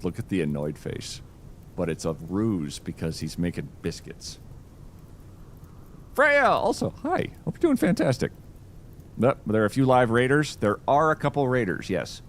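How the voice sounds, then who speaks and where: A man's voice: fairly low pitch, huge pitch swings, normal speed, slight background noise. A man streaming a game live, chatting along as he plays, greeting viewers and talking to his cat. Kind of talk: live-streamed gameplay commentary.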